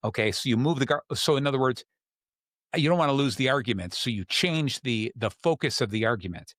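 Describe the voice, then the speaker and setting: Male podcast host, mid-pitched, talks through acted examples in a dry close sound. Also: animated, brisk, fairly bright tone, no echo. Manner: explains with acted-out examples, many fillers. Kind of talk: casual chat.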